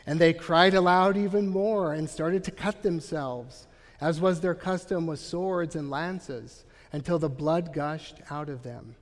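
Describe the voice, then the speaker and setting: Pastor, male, emphatic sermon delivery, fairly high voice, echoing sanctuary sound. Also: unhurried. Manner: earnest, emphatic preaching with frequent "Right?" asides.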